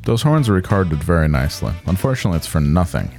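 A man in his forties hosting a casual podcast chat, excitable and profane, laughing often. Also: low-pitched, fast talker, gravelly, faint music behind. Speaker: podcast host.

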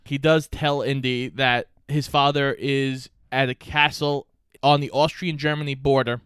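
A man's voice: medium pitch, flat delivery, unhurried, fairly bright tone, clear, resonant tone, no echo. A man casually retelling a movie plot with a co-host, dry and amused. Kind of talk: casual movie recap narration.

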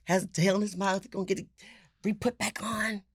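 A woman, a podcast guest, telling a joke story in a lively way, with loud laughter in the telling. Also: medium pitch, a little fast, breathy edge, no echo, clean studio sound.

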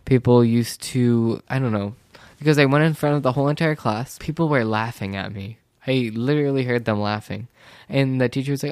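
A teenage male student telling a rambling, casual story, full of "like" and "literally," and growing animated when he feels wronged. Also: mid-range voice, a little fast, smooth, no echo, clean studio sound.

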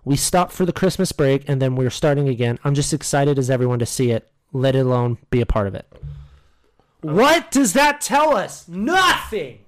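A man's voice: mid-range voice, fast, a little mellow, clear, resonant tone, dry recording, low-quality recording. An American man co-hosting a podcast in casual chat, joking and laughing often. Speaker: podcast co-host.

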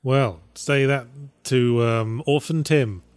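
Deadpan English man, dry sound. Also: medium pitch, slow pace, clear, resonant tone, no room sound. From England. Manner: deadpan, spins absurd stories. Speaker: podcast co-host. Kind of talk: casual chat.

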